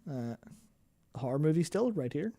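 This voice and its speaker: A man's voice: a little high, very animated, moderate pace, dark tone. Tired, rambling man. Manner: rambling, distracted, swears casually. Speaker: co-host. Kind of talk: casual live-stream chat.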